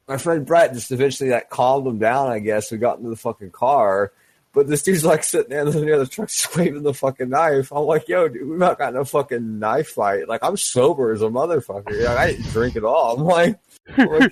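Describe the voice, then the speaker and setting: A man's voice: mid-range voice, lively intonation, fairly quick, breathy edge, no room sound. Profane, rambling man telling a story. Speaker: guest storyteller. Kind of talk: casual podcast chat.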